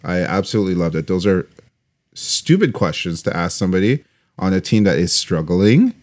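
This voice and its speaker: A man chatting casually about sports. He talks in an animated way and laughs a lot, co-hosting with a friend. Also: moderate pace. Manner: animated, mimics coaches in a high voice, laughs often. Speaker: podcast co-host.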